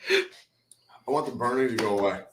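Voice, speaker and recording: A man's voice: mid-range voice, moderate pace, fairly bright tone, slight background noise. A man co-hosting a casual live show over a video call, moaning, laughing and complaining dramatically about the heat. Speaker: co-host. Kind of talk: casual chat.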